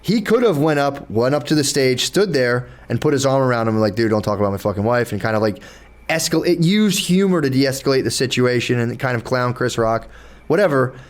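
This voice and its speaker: A man's voice: medium pitch, a little fast. A young man hosting a podcast, talking loosely with many restarts and curse words, acting out inner thoughts as he explains. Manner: loose, rambling, profane, with frequent restarts and acted-out inner dialogue. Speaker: podcast host. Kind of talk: casual podcast chat.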